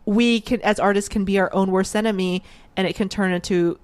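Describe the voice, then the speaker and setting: A woman's voice: mid-range voice, steady tone, a little fast, a little mellow, smooth, no echo. An American woman hosting a casual comedy podcast, playful and teasing, laughing often.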